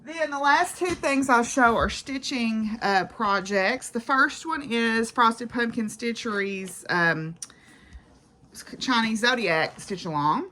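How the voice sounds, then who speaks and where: Chatty woman with a bright voice. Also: mid-range voice, a little hiss or hum. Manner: chatty, rambling, frequent "uh" and "so". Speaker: crafting vlogger. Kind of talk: casual chat about craft projects.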